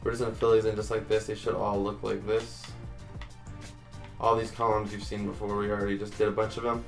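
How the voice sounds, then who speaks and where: A man's voice: fairly low pitch, level tone, fairly quick, gravelly, soft background music. A man hosting a casual game-building tutorial, talking chattily to viewers and counting blocks aloud. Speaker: Minecraft tutorial host.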